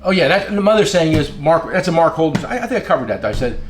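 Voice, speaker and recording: A brash man talks in a high, lively voice with big swings in pitch, telling fellow dealers plainly how to get paid. He keeps hammering his points home with repeated phrases. A steady noise hangs under the recording. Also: quick pace. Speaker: independent tool dealer. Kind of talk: casual advice talk.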